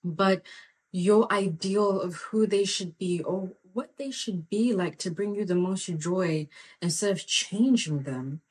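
Speaking slowly in a mid-range voice, a woman who hosts a podcast gives an energetic pep-talk monologue. Her style is preachy and forceful, with repeated lines for emphasis and sudden bursts of excitement.

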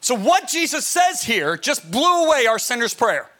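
A middle-aged man preaching a sermon as pastor, emphatic and animated, often asking his listeners questions. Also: very high-pitched, normal speed.

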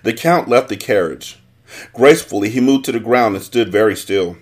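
A man hosting a book podcast, reading a novel aloud with expressive, animated storytelling. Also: fairly low pitch, moderate pace.

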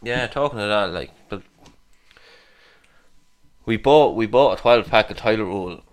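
A man's voice: fairly low pitch, unhurried, clear, resonant tone. A man co-hosting a podcast, ribbing his friend with sweary banter. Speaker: podcast co-host. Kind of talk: casual chat.

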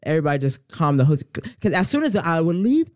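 A man telling a story in casual chat, animated and laughing, acting out the other people's voices. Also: a little high, fast talker, no echo, studio quality.

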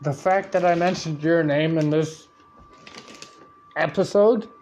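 A man hosting a podcast, telling a story in a loud, profane, animated rant and acting out what people said. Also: fairly high pitch, takes it slowly, a little hiss or hum. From Canada. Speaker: podcast host.

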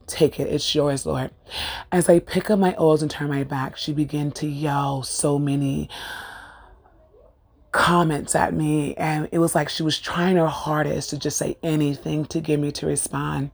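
Low, gravelly-voiced woman telling a story. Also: moderate pace. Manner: earnest, conversational, animated retelling. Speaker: podcast host. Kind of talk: casual spiritual storytelling.

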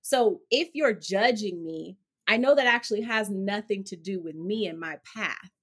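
A woman speaking as an interview guest, outspoken and expressive, with casual swearing. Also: mid-range voice, moderate pace, slightly rough. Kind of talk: candid conversational interview.

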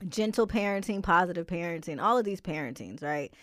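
A woman hosting a casual interview, speaking reflectively with frequent pauses and ums. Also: on the low side, lively intonation, no echo, studio quality. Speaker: podcast host.

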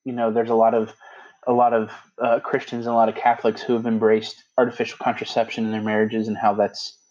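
Man, priest, casual podcast guest, animated, slightly dull recording. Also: on the low side, quick pace. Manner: laughs easily, animated, lots of fillers.

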